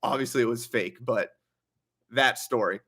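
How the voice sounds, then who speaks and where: A man's voice: mid-range voice, normal speed, fairly bright tone, husky. A young man hosting a casual livestream Q&A, reading donations aloud and chatting with a laugh in his stories. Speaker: livestream host.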